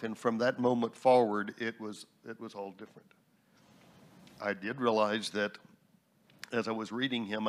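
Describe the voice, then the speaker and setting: A man, a New Thought minister and instructor, sharing a personal story in a relaxed panel talk with humorous asides. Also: medium pitch.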